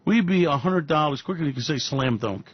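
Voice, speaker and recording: A man's voice: fairly high pitch, lively intonation, brisk, husky, dull audio. A man hosting financial commentary, ranting with sarcastic, mocking and profane remarks about economic policy.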